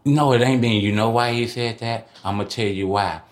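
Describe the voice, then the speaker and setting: A middle-aged man from Oakland, California, chatting casually as a podcast guest, boastful and quick to laugh. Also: mid-range voice. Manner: boastful, laughing, colloquial street talk. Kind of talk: casual chat.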